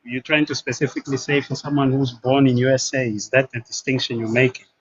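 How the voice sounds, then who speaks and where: Man, husky, calm moderator, muffled low-fi sound. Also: quick pace. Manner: calm, tries to keep order. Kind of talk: moderating a live stream debate.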